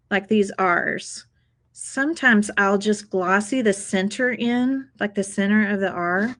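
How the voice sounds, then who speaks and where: A woman's voice: mid-range voice, poor audio. A woman hosting a casual craft tutorial, chatty and upbeat, talking to viewers as she works at a craft table. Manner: chatty, upbeat, addresses viewers as "you guys".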